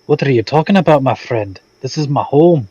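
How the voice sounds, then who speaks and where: A man voicing a bluff, gruff dwarf barbarian who keeps calling people lad. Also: medium pitch, animated, a little fast, mellow, no echo, highs cut off, pitched above the performer's own voice. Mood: friendly.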